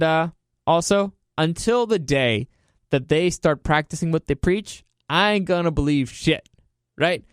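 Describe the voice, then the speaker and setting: Male podcast host, heated profane commentary, slightly high pitch, dry close-mic sound. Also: no room sound. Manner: profane, heated, rhetorical questions. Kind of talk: solo commentary podcast rant.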